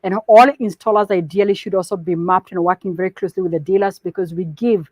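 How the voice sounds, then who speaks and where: A woman with a Kenyan accent giving a business presentation to partners. She switches between English and Swahili mid-sentence and speaks in a measured, instructive way. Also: fairly low pitch, steady tone, darkish tone, no echo. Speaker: company presenter.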